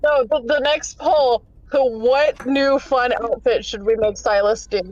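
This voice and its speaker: A woman's voice: a little high, takes it slowly. A woman chatting casually with friends, playful and laughing. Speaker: player. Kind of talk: casual chat. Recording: dry, dull lo-fi mic.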